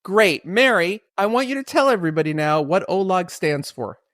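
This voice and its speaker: A man's voice: high-pitched, normal speed, fairly bright tone, dry recording, studio quality. A man hosting an upbeat podcast, enthusiastic and playful as he tells stories and welcomes guests. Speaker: podcast host.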